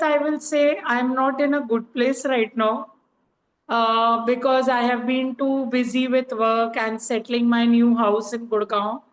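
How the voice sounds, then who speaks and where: A woman's voice: a little high, reverberant, poor audio. A woman sharing her experience on a coaching call, talking casually with many "you know" fillers. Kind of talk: casual online group call.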